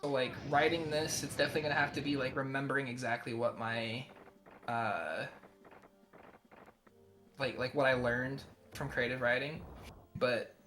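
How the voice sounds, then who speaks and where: A man co-hosting a live stream, talking casually in a halting way full of fillers and often laughing. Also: mid-range voice, fairly even intonation, pushed and bright, faint music behind.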